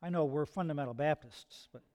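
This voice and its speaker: High-voiced man preaching earnestly. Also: brisk, mellow. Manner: earnest, conversational preaching with frequent restarts and rhetorical questions. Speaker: pastor. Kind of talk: sermon.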